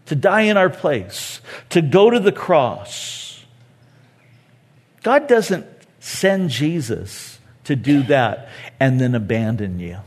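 A man's voice: on the high side, husky. A man preaching a sermon as pastor, earnest and repeating key phrases for emphasis. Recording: long reverb of a large hall.

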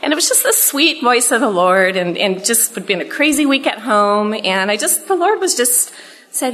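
A woman's voice: fairly high pitch, lively intonation, normal speed, fairly bright tone, rough recording. Middle-aged lady teaching women's bible study, earnest, chatty, gets emotional. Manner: earnest, conversational, emotional at times. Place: room with a women's group.

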